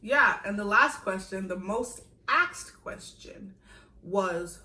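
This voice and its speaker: A young woman from the United States telling a story in a casual vlog Q&A, animated and quick to laugh. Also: mid-range voice, roomy sound, far from the mic, low-quality recording. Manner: animated, acts out quoted voices, laughs often. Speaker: vlogger.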